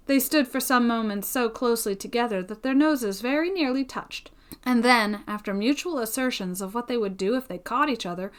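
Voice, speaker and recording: A woman reading a Victorian novel aloud as an audiobook reader, in a measured storytelling manner. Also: fairly high pitch, fairly bright tone.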